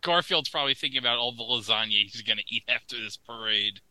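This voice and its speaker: A man's voice: medium pitch, quick pace, pushed and bright, no echo, poor audio. A man co-hosting a podcast, riffing jokingly in casual comedic commentary on an old TV broadcast. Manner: jokey, puts on silly announcer voices. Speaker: podcast co-host.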